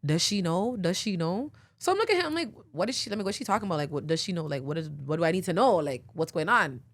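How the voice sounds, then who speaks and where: A young woman tells a rambling story as a podcast host, her voice set slightly low. She leans on fillers and breaks into laughs often. The sound is close and dry, with no room around it. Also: expressive, fast, no room sound. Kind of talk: casual storytelling.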